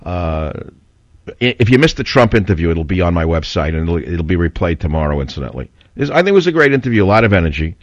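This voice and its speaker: A man's voice: sits low, sing-song, quick pace, no room sound. An older man hosting a talk radio show, blunt and combative, rambling through stories and opinions. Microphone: studio mic. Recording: dull, slightly lo-fi radio audio.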